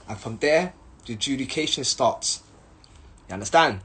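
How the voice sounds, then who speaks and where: A man's voice: medium pitch, lively intonation, moderate pace, long pauses, pushed and bright, slight background noise. A young man, animatedly telling a story, full of slang, acted-out voices and sound effects.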